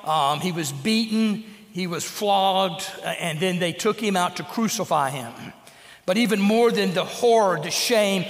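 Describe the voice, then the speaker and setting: A man delivers a sermon in an earnest, emphatic manner. His voice sits high for a man. The sound rings with the long reverb of a church sanctuary. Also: fairly bright tone. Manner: earnest, emphatic preaching with dramatic acted quotes. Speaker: pastor.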